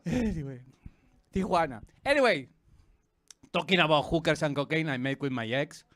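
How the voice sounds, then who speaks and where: A man from Argentina with an Argentine Spanish accent performing a stand-up comedy set on a club stage, animated and breaking into shrieking high silly voices. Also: a little fast.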